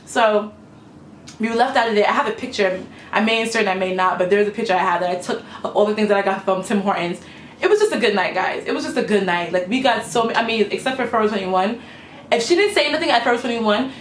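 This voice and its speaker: A young woman chats through a story time straight to her camera, filling her sentences with "like" and "you know". Her voice sits at an ordinary pitch for a woman. The room is echoey, with a faint hum behind her. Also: fast. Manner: animated, lots of "like" and "you know". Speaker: vlogger telling a story time. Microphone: camera mic.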